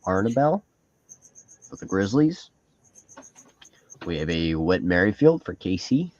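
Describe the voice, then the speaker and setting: A man with a Canadian accent hosting a live card break and reading off each card in a steady listing rhythm. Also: deep voice, measured pace, highs cut off.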